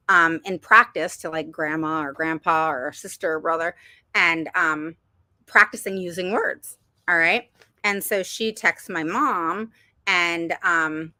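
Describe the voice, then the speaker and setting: Casting note middle-aged woman, chatty parent-advice vlogger, lowish bright voice, dry close sound. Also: no echo. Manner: chatty, rambling with many ums and laughs. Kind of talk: casual advice talk to viewers.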